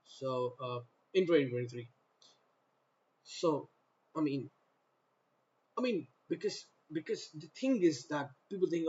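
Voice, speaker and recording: A man's voice: fairly high pitch, expressive, unhurried, long pauses, darkish tone, highs cut off. A man from North India giving a rambling monologue to the camera, often repeating himself and starting sentences over. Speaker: vlogger.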